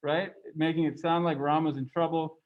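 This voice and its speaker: A man lecturing a class in a loose, conversational manner, often turning to ask his students questions. His voice sits fairly high for a man. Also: steady tone, normal speed, phone-quality sound. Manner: reads passages aloud from the book. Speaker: religious studies lecturer.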